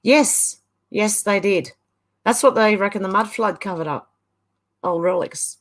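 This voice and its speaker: A woman's voice: mid-range voice, unhurried. A middle-aged woman hosting a casual livestream, chatting and laughing as she reads viewer comments aloud. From Ireland. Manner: chatty, laughs often, sing-song reading of chat comments. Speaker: livestream host.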